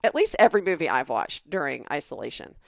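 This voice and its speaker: Animated Southern woman telling a story. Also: low-pitched, fast talker, vocal fry, dry recording, clean studio sound. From American South. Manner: animated storytelling with quoted voices. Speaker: podcast co-host. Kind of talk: casual chat.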